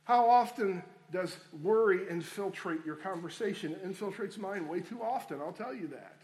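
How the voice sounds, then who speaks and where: A man's voice: high-pitched, animated, moderate pace, darkish tone. A man preaching a sermon, addressing listeners as friends and repeating key phrases for emphasis. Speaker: pastor.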